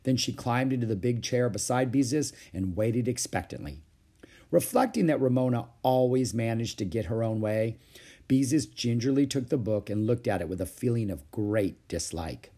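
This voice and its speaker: Give me a man reading a children's story aloud, expressive with a warm, husky voice. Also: medium pitch, moderate pace. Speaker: storybook reader. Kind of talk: children's book read-aloud.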